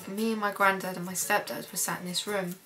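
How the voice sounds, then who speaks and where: A young woman, a student filmmaker, quietly recalling events in a personal documentary interview. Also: medium pitch, little pitch movement, fairly quick, faint music behind. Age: young adult. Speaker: filmmaker recalling her mother's illness.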